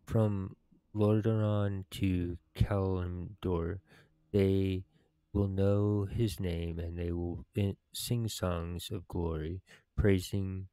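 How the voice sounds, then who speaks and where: A stern orc warlord honors the fallen in a very deep, gravelly voice, as a man reads him out. He speaks slowly in halting, solemn phrases, dark in tone and dry. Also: dry recording, exaggerated voice.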